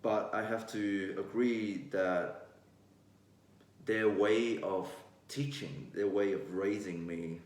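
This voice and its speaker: A man's voice: on the low side, steady tone, takes it slowly, a little mellow. Young man, blunt vlogger, roomy distant sound. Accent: mixed Vietnamese-Australian. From Vietnam. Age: 20s. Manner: blunt, candid, swears freely. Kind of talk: casual monologue to camera. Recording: roomy echo, voice away from mic.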